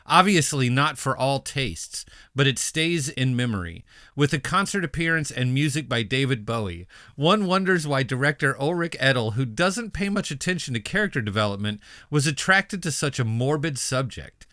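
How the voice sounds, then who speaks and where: A man co-hosting a film podcast, reading a review aloud with animated, emotional asides. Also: mid-range voice, moderate pace, dry recording, clean studio sound. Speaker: podcast co-host.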